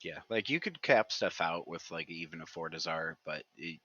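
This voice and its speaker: Low-voiced guy explaining game stuff plainly, kinda dull muffled mic, no room sound. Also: animated, normal speed, pushed and bright, husky, no echo. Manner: matter-of-fact explaining. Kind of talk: casual gaming chat.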